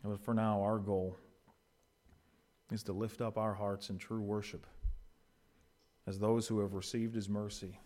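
A man preaching an expository sermon as pastor, swinging between quiet, low passages and loud, raised ones. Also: steady tone, measured pace, long pauses. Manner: swings from quiet to loud, acting out quoted voices.

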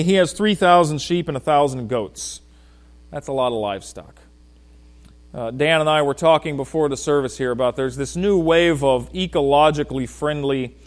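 In a church, a medium-pitched man preaches a sermon with a folksy, joking style. He addresses people in the congregation directly, shifting between loud emphasis and quiet asides.

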